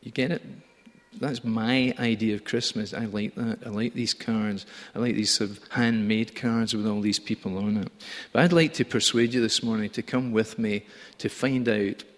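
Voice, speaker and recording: A man gives a sermon from the pulpit in a relaxed, storytelling way, with touches of dry humour. His voice sits low. Long reverb from the church hall trails behind each phrase. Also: moderate pace. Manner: conversational, gently humorous storytelling. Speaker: preacher.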